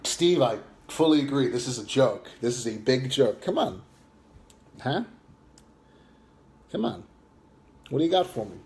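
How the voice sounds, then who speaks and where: A man's voice: mid-range voice, sing-song, measured pace, pauses often, darkish tone, slight background noise. A man livestreaming a combative rant, reading chat aloud and taunting viewers, swearing and jeering as he goes. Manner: swears and jeers.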